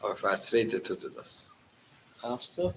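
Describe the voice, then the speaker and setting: At a gathering, a man playing a rabbi tells a story in English sprinkled with Yiddish, growing animated whenever he quotes someone. His voice is on the low side and his pace moderate, with noise audible in the background.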